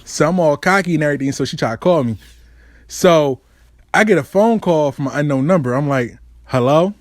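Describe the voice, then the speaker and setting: Male host, slangy storyteller, lively up-and-down delivery, dry close sound. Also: fairly quick, no echo. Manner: animated, swings between high and low registers; swears freely, slangy. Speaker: show host telling a personal story. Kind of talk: profane storytelling monologue.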